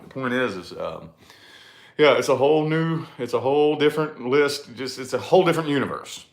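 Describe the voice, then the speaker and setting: A man's voice: mid-range voice, fairly bright tone. Brief: a man, casual YouTuber chat, emphatic, curses a lot, echoey room. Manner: emphatic, swears freely, repeats himself. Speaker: YouTuber and channel host.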